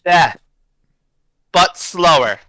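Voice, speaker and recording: A man's voice: fairly high pitch, lively intonation, bright, forceful tone, no echo, heavily acted, low-quality recording. A man doing a solemn ancient rock spirit. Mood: curt. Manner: slow, grave, deliberate pronouncements.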